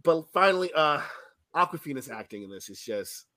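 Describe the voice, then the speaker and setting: Bright-voiced animated man. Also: fairly high pitch, a little fast. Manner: animated, joking, complains with laughs. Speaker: podcast co-host. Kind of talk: casual chat, film review.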